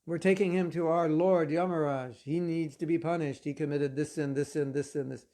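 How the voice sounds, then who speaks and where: A man's voice: a little high, fairly even intonation, moderate pace, mellow, close to an everyday voice. A man voicing indignant male messengers of death, insisting in a raised, protesting voice.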